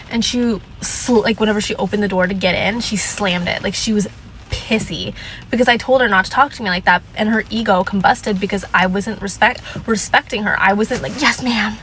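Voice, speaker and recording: Young woman vlogger, sassy and emphatic, mid-pitched voice, repeats lines for punch. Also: fairly even intonation, normal speed, fairly bright tone, a little hiss or hum, low-quality recording. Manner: drops into mocking voices to quote people. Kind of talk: casual advice rant.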